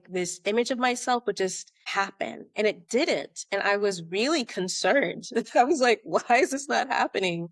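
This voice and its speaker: An American woman telling her story as a podcast guest, animated and conversational, acting out remembered dialogue. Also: mid-range voice, no room sound, clean studio sound. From United States. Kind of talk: conversational interview.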